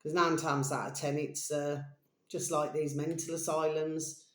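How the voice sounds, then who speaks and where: A woman's voice: low-pitched, flat delivery, a little slow. An English woman hosting her own channel, talking in a meandering, chatty monologue that keeps wandering off and coming back, with fond pet names for her listeners. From England. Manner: chatty, meandering, calls listeners "my delicious babies". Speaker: channel host. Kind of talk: rambling casual monologue. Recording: roomy echoey home room.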